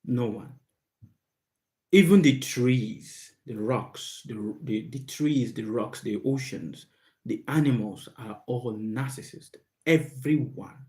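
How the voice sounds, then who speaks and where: A man hosting a live stream question-and-answer session, speaking slowly and emphatically and repeating key words. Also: mid-range voice, dark tone. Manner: slow, emphatic and repetitive, stressing words. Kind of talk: live Q&A monologue.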